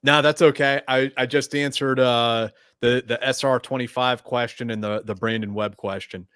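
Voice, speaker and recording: A man's voice: medium pitch, normal speed, smooth, no room sound, studio quality. An American man, a podcast guest, chatting casually and repeating words as he talks. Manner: relaxed, stammers and repeats words. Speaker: podcast guest, veteran and journalist. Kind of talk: casual chat.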